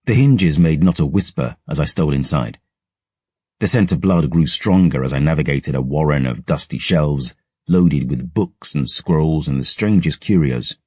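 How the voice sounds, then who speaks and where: A man narrating a dark fantasy audiobook in a measured, brooding storytelling manner, close to a studio mic. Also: rumbling low, husky, no room sound.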